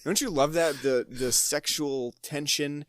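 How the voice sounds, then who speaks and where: A man's voice: on the high side, measured pace, no room sound, studio quality. A man co-hosting a podcast, chatting casually about a film in a rambling, hesitant way with frequent laughs. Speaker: podcast co-host.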